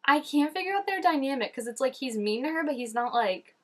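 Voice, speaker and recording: Here a woman with a high, expressive, fairly bright voice speaks briskly. As host of a reaction video, she reacts to scenes in a chatty way, with "like" scattered throughout.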